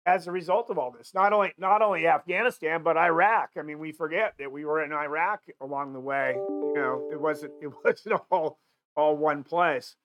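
A man's voice: on the high side, moderate pace, fairly bright tone, faint music behind. A man hosting a casual talk show, rambling with many restarts and fillers. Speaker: show host.

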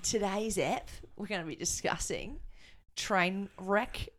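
Woman, podcast co-host, giggly, casual chat, mid pitch. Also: slow, a bit bright. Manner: giggly, chatty. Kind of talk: casual chat and quiz hosting.

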